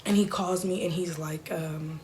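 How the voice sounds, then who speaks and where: Soft-spoken young woman, halting storytime. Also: fairly low pitch, fairly even intonation, slight background noise. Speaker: YouTuber. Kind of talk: emotional storytime.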